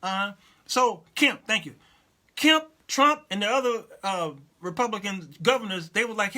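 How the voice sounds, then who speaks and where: Man, fifties, talk show host, high-pitched, very bright, animated and laughing, addresses viewers. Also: normal speed. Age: 50s. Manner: reads and answers live chat comments. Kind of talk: casual commentary monologue.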